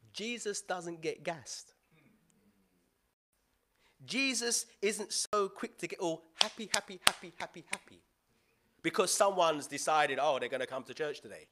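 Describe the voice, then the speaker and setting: A man preaching a sermon as pastor, lively and playful, with slang and asides to the congregation. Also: a little high, slow, pauses often.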